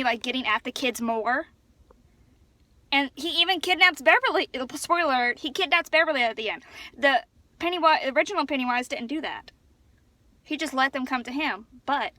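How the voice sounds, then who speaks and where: High, bright-voiced woman vlogging. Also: no room sound. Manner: chatty, rambling, excitable. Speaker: vlogger reviewing a film. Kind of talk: casual chat. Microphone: phone camera.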